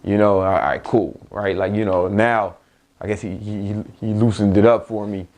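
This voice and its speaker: A man's voice: fairly low pitch, moderate pace, a little mellow. A young man, an entrepreneur, giving a blunt, profane motivational talk with frequent laughs and restarts.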